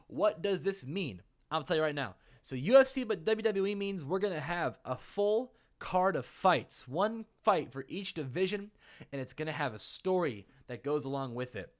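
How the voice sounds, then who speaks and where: A young man talking casually and playfully in an unscripted commentary, laughing often. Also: a little high. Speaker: YouTuber.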